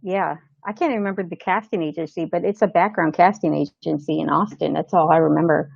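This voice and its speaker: Talking fast with vocal fry in a lowish voice, an actress guesting on an interview show tells a long, casual story and animatedly acts out the people in it. It's a dry recording over a remote call, with slightly dull, lo-fi sound.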